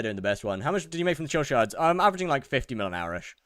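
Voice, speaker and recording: A man's voice: medium pitch, big pitch swings, very fast, few pauses, a bit bright, dry recording. A man chats casually with his viewers while playing a game, reading their questions aloud and looping back over his own words. He sounds overheated and sweaty. His voice sits in a middle range and is recorded dry and close. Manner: reads chat questions aloud and answers, repeats phrases. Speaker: game streamer. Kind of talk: casual live-stream chat while gaming. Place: hot room in a house.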